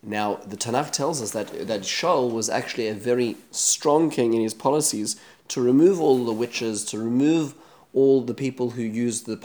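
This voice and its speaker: A male teacher talks through a Bible passage in an easygoing lesson. He uses Hebrew terms and often restarts his sentences. His voice sits at an ordinary middle pitch. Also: darkish tone. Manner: conversational retelling with many restarts and Hebrew terms. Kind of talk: Torah study lesson.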